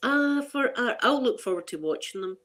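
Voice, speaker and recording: A woman's voice: fairly high pitch, lively intonation, moderate pace, fairly bright tone. Chatty middle-aged Scottish woman. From Scotland. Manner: chatty and rambling, with frequent restarts and laughter. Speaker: ASMR channel host. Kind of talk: casual chat to viewers.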